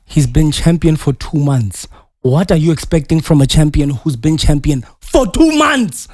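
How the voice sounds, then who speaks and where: Lively, argumentative podcast co-host, man. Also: on the high side, normal speed, dry recording, clean studio sound. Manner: combative, mock-angry, laughing. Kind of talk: casual wrestling debate.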